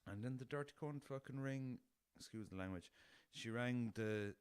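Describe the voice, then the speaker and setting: A man's voice: mid-range voice, moderate pace, a little mellow, clean tone, dry recording. A young Irish man from the west of Ireland, a podcast host telling rambling anecdotes in a casual way, swearing freely and chuckling as he goes. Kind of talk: casual storytelling.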